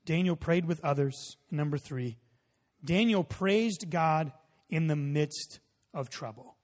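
A man's voice: fairly high pitch, slow, a little mellow. A male pastor preaching a sermon, telling a story and acting out the dialogue in it. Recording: long hall reverb.

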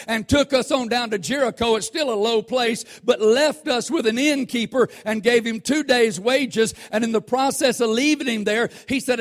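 A preacher with a high-pitched voice gives an animated sermon, repeatedly asking the congregation questions. He then slows down to emphasize the scripture.

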